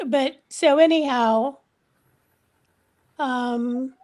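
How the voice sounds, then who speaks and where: A woman's voice: high voice, drawn-out words, darkish tone. An older woman hosting a casual live chat stream, chatty and teasing, laughing often.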